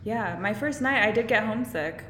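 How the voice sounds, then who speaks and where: A woman's voice: a little high, a little fast, a little hiss or hum. A young woman co-hosting a podcast, telling travel stories in casual, slangy, profane chat. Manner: profane, slangy, animated storytelling. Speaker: podcast co-host.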